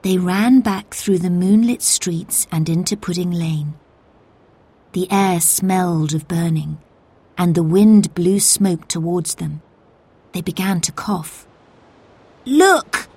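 Slow, measured woman reading a storybook. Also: lowish voice, fairly even intonation, mellow, husky. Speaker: narrator.

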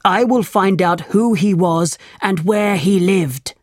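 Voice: medium pitch, takes it slowly, dry recording, voice pushed up, close to an everyday voice. A reader voicing an earnest male thief who volunteers for a dangerous job in a storybook reading. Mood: eager.

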